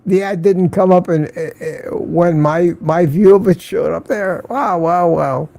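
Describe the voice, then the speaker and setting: Older male host, casual live-stream chatter, friendly roll-call of viewers, mellow tone, dry close sound. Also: sits high, measured pace, vocal fry, no room sound. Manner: chatty, greets viewers by name, laughs often.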